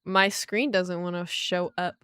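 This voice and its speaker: Excited young woman livestreaming a game. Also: fairly low pitch, a little slow, clear, resonant tone, no echo. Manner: excited, chatty, addresses viewers as guys. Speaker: livestreaming gamer. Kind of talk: casual livestream chat.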